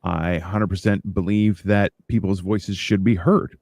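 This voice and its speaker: Un uomo che conduce un podcast di chiacchiere informali, racconta storie animate e imita i dialoghi con voce più acuta. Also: male voice, measured pace, no room sound, clean studio sound. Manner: animated storyteller, acts out exchanges in a higher voice. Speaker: podcast host. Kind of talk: casual chat.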